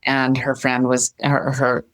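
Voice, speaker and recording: A middle-aged woman speaking as an interview guest, earnest and gentle, often repeating her phrases. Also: a bass voice, monotone, takes it slowly. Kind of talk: heartfelt interview talk.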